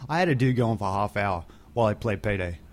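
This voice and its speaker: A man in a casual group chat, telling stories in a profane, animated way. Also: on the low side, fast talker, heavy background noise.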